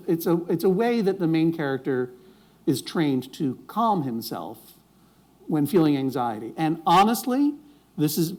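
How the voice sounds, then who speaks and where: A man's voice: a little high, a little mellow. A man speaking on stage before a live audience, wry and rambling, often restarting his sentences. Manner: rambling, self-interrupting, wry jokes.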